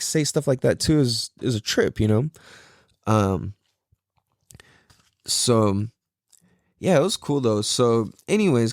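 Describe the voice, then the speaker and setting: A man's voice: mid-range voice, a little mellow, no room sound, clean studio sound. A tired young man hosting a casual solo podcast, talking in a laid-back, slangy way with a lot of swearing. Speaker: podcast host.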